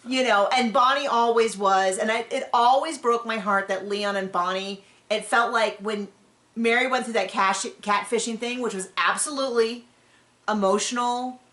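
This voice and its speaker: A woman's voice: on the high side, fairly even intonation, moderate pace, fairly bright tone. A woman hosting a podcast, recapping a reality show in casual, opinionated chat with frequent restarts. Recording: roomy echo.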